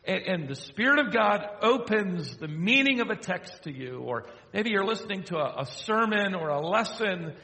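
An older man preaching a sermon, telling a story and slowing down to quote scripture. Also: sits high, sing-song, sharp tone. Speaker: pastor. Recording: echoey hall.

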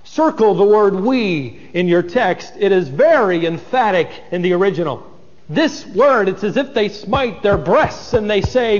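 A man's voice: high voice, lively intonation, unhurried, in a large hall, muffled recording. A man preaching an expository sermon, dramatic and acting out the voices of biblical figures.

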